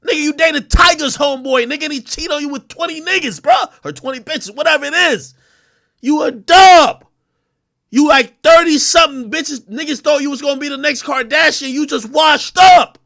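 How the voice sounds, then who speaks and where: A man from Jamaica hosting his own show, delivering a profane, aggressive, confrontational rant and often breaking into shouts. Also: very high-pitched, fast talker, vocal fry, hardly any pauses. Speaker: host. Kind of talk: ranting livestream commentary.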